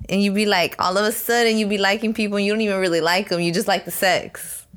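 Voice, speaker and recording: A woman's voice: mid-range voice, steady tone, fast talker, a bit bright. Laid-back slangy young woman. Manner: slangy, laid-back, says "dude" and "you feel me". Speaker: podcast co-host. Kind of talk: casual chat.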